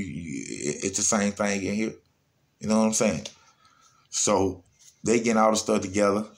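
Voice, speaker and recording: A man with a Southern Atlanta accent, hosting his show and telling a story in animated, slang-heavy casual talk. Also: lowish voice.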